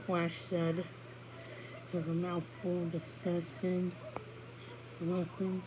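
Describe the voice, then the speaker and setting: A woman reading a children's chapter book aloud, gently and with small stumbles. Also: lowish voice, completely flat delivery, takes it slowly, long pauses, a little hiss or hum, poor audio. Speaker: read-along storyteller.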